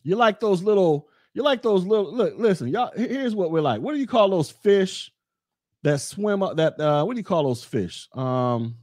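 Blunt high-voiced podcast man. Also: expressive, moderate pace, a little mellow, no room sound, clean studio sound. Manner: blunt, rambling, talks straight to listeners. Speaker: podcast host. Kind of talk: casual monologue podcast.

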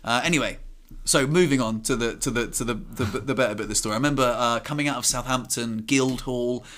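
A man co-hosting a podcast, telling a story in a casual, animated way and acting out the quoted voices. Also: medium pitch, fast. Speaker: podcast co-host. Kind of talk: casual anecdote chat.

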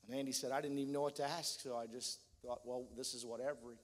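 A man preaching a sermon, retelling a testimony in quotes and building to shouted fervor. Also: medium pitch, fast talker, few pauses. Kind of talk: sermon storytelling. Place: church sanctuary. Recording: long reverb of a church hall.

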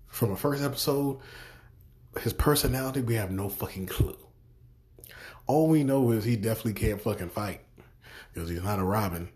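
A man's voice: fairly low pitch, moderate pace, pauses often, darkish tone. A young man hosting a podcast, ranting in exasperation with heavy swearing and repeated words. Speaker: podcast host. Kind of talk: profane ranting review.

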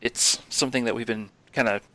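Bright-voiced man hosting a chat. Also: mid-range voice, fairly even intonation, brisk, dry recording. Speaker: host. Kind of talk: casual chat.

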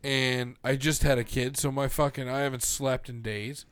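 A young man co-hosting a casual chat, telling loud, profane stories. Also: medium pitch, level tone, normal speed, clean tone, no echo. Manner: swearing, loud storytelling. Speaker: podcast co-host.

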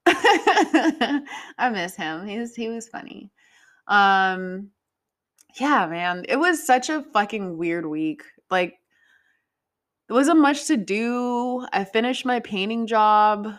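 A female podcast host chats casually and rambles, swearing freely and laughing a lot. Her voice is medium-pitched and a bit bright, and she speaks slowly.

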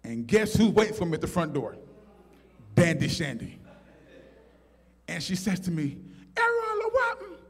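Man telling a stand-up story, high voice, husky, animated, hall echo. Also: normal speed, pauses often. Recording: hall with long reverb.

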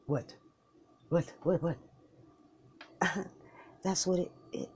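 Husky voice in slangy comedy banter. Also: mid-range voice, very slow, pauses often, a little mellow, lo-fi sound. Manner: slangy, profane banter with mumbled asides. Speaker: comedic podcaster. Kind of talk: solo comedy skit voicing a bickering couple.

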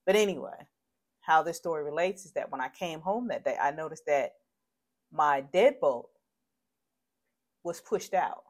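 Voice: medium pitch, expressive, a little slow, long pauses. An adult podcast host speaking in a candid, rambling personal monologue, shaken and turning heated and profane.

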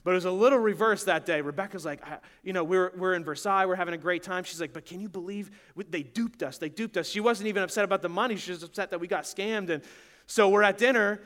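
A young man with a high, bright voice preaches in a loose, conversational way. He tells his story with lots of "like" and quick laughs, then turns it toward the congregation. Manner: animated, chatty, laughs often, full of "like". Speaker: pastor. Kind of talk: casual storytelling sermon.

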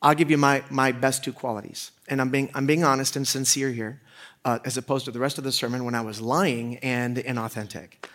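A married man preaching a sermon with funny personal stories, swinging from quiet asides to loud, excited bursts. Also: medium pitch, brisk. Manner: animated storytelling, jokey asides, loud swings in volume. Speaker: pastor. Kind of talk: humorous sermon.

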